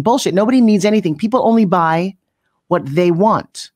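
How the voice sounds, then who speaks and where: A middle-aged woman coaching people on pitching in an interview, brash and punchy, often slipping into mocking voices. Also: expressive, moderate pace, darkish tone. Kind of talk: energetic motivational coaching talk.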